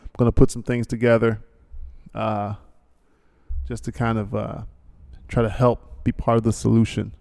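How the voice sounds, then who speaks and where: A man's voice: lowish voice, level tone, normal speed, creaky, long pauses, a little mellow. A man hosting a podcast in a rambling, joking monologue, full of fillers and asides. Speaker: podcast host. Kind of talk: casual monologue with a read sponsor ad.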